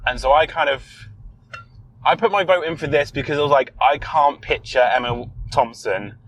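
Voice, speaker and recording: A man's voice: a little high, normal speed, a bit bright, slight background noise, rough recording. A man co-hosting a podcast, chatting casually about a film he has seen. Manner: chatty, swears when startled. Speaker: podcast co-host. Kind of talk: casual film review chat. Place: inside a car.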